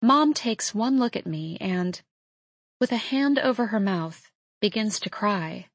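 An audiobook narrator, a woman with an ordinary middle-pitched voice, reads a novel aloud in the first person. Her delivery is calm and measured. The scripted narration is recorded close and dry, with no room sound.

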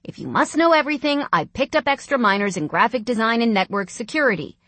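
A woman playing a guarded young man in an audiobook, low and clipped in his replies. The recording is dry and close. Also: lively intonation, fast, a bit bright, no room sound.

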